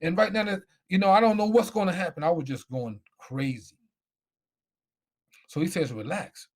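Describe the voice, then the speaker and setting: A man's voice: high voice, expressive, moderate pace. A middle-aged man, a former football player, telling his life story as a guest speaker, emphatic and repeating himself. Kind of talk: personal storytelling.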